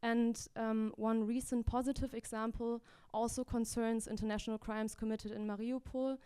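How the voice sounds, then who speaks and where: A woman giving prepared remarks as a legal advocate at a panel event in a gallery, measured and formal, with small restarts. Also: on the high side, flat delivery, mellow, clean tone.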